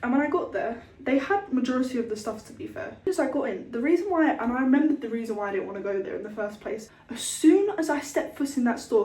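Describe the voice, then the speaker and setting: Girl just chatting away, kinda high, swears a lot, sounds a bit far from the mic. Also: animated, fast talker, few pauses, warm tone, reverberant. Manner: chatty, swears freely, acts out scenes. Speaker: skincare vlogger. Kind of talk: casual chat to camera.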